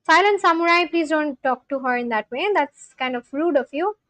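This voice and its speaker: High-voiced young woman streamer. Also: moderate pace, a bit bright, no echo. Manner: talks back to chat, scolding and reassuring; loose filler-heavy speech. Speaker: livestreamer. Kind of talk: casual live-stream chat with viewers.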